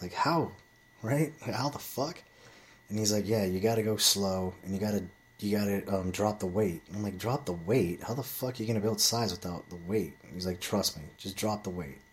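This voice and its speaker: Casting: deep-voiced man, casual vlogger, swears freely, loose rambling delivery. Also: slight background noise. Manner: rambling storytelling with heavy swearing. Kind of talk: casual monologue to camera.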